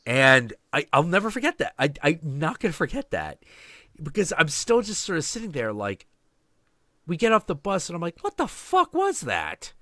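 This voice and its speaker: Man, animated storyteller, profane, bright voice, dry mic. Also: on the high side, normal speed, no echo. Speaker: show host. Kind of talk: casual storytelling on a livestream.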